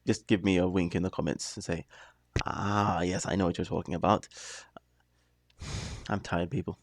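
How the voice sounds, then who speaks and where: A man talks casually as a reaction host, throwing in jokes and rambling asides. His voice sits low and gravelly, and his pitch swings up and down with lively energy. The sound is dry and close, with a song playing quietly behind him. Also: normal speed, no echo. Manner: chatty, joking asides, rambling. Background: song playing underneath.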